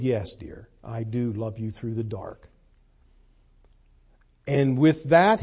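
Emphatic preacher, a man with a higher voice. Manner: emphatic, swings from loud to soft. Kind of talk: sermon.

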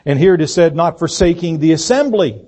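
A man preaching a sermon as pastor, speaking deliberately and emphatically, with fillers and restarts. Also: a little high, lively intonation, mellow. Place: church sanctuary.

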